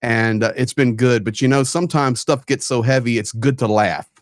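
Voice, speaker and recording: A man talking through a headset on a livestream panel, in a mid-pitched voice with a dry, close sound. He moves between earnest talk and cheerful self-mockery. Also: moderate pace, no room sound. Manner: earnest, then self-mocking. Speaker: panel guest. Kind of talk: casual panel chat.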